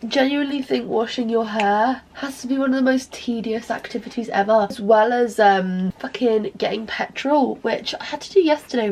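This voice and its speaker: A young woman with a slightly high voice and a blocked, stuffy nose tells rambling, sweary stories straight to camera. She sounds casual and chatty, recorded at home with a faint hiss underneath. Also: poor audio. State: congested with a cold. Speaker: vlogger.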